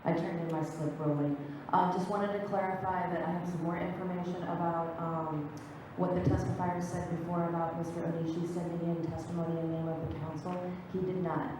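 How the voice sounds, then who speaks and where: A woman testifying at a council hearing, briskly clarifying the record while out of breath. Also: fairly low pitch, flat delivery. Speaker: public testifier at a county council. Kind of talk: formal public testimony. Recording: echoey hall from far off with clear background noise.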